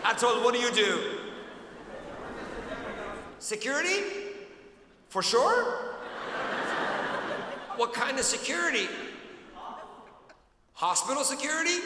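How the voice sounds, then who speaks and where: A man doing stand-up crowd work in a large theatre, teasing audience members loudly and often shouting. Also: very high voice, background noise. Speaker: stand-up comedian. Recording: echoey hall, loud crowd.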